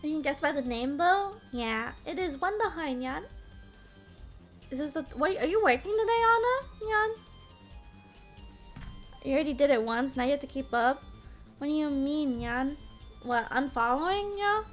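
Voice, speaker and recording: A woman's voice: sits high, expressive, normal speed, pauses often, faint music behind. A woman in her twenties chatting casually on a live stream, full of "like" and tag questions. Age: 20s. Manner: chatty, peppers speech with "like" and "yeah?".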